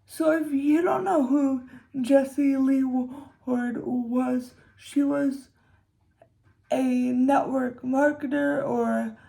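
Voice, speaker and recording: A young woman giving a casual commentary monologue, unhurried and hesitant, with sarcastic asides and frequent restarts. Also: high voice, creaky, mellow. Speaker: commentary creator.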